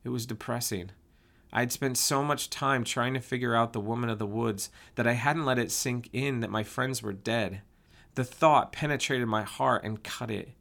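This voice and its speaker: A man narrating a first-person story in a steady, plain way. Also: fairly low pitch. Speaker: audiobook narrator.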